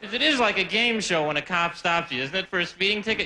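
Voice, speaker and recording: A bright, forceful, high-sitting male voice moves at a normal speed through a stand-up comedy set that rambles, pokes fun at himself, and wanders into asides. It's a noisy live recording from a stage with the audience laughing.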